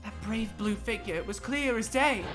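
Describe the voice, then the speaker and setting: A woman voicing a frightened, gentle young woman on trial, who speaks timidly with stammers. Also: on the high side, moderate pace, close to an everyday voice. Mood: pleading. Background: game music.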